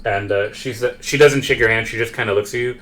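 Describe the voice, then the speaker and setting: A man's voice: mid-range voice, fast, fairly bright tone. A man narrating as game master of a solo tabletop game, describing characters with many fillers and restarts. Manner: hesitant, many fillers and self-corrections.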